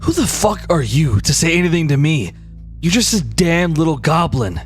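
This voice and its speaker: A man's voice: sits high, sing-song, normal speed, a bit bright, soft background music, pitched above the performer's own voice. A brash young fighter with a short temper speaks in a raised, swaggering voice, as a man puts him on. He sounds crude and indignant. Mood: angry. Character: hot-headed brash young male fighter.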